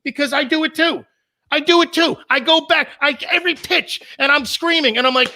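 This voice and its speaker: A man co-hosting a live stream in casual chat, rambling and teasing in an animated way. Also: very high-pitched, fairly quick. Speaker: co-host.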